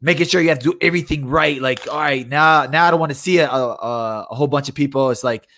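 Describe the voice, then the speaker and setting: A man co-hosting a casual podcast, talking in a relaxed, loose way. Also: mid-range voice, fast talker. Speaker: co-host, fighter.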